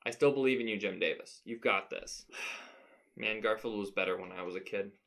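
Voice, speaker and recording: Reading comic strips aloud in casual commentary, this man rambles and cracks himself up. His voice sits on the low side with vocal fry, bright and forceful, at a moderate pace.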